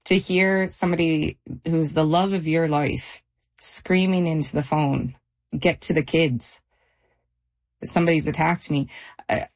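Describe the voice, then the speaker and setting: A middle-aged woman retelling a frightening night in a halting, shaken interview. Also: sits low. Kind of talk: personal testimony interview.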